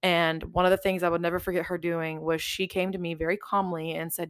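A woman's voice: on the low side, level tone, fast, few pauses, no echo. A woman hosting a podcast in casual heartfelt chat, earnest, swearing freely and repeating herself for emphasis. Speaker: podcast host.

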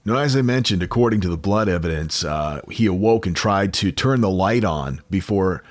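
Wry American man with a low, lively voice. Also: moderate pace. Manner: wry, offhand, with dry jokes. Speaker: podcast host telling a true crime story. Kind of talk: casual storytelling chat.

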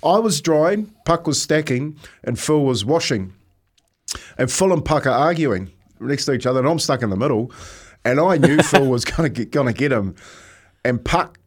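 A New Zealand man in his fifties, a radio co-host, talking in a reflective, storytelling way and often saying mate. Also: on the high side. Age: 50s. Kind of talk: casual radio chat. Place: radio studio.

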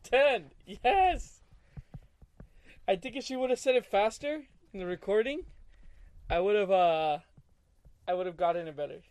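A young man co-hosting a podcast in casual chat, blunt and excitable, full of "like" and "dude". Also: high voice, normal speed, smooth. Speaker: podcast co-host.

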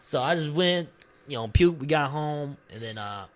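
A man's voice: a little high, animated, moderate pace. A young man chatting casually, rambling and laughing through a story, with heavy slang and swearing. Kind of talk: casual chat.

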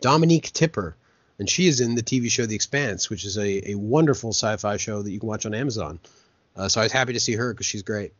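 A man's voice: fairly low pitch, fast talker, no room sound. Casual podcast man, dry lo-fi sound. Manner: rambling, laughing, retells scenes with put-on quotes. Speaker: podcast co-host. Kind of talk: casual movie podcast chat. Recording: dull, lo-fi podcast audio.

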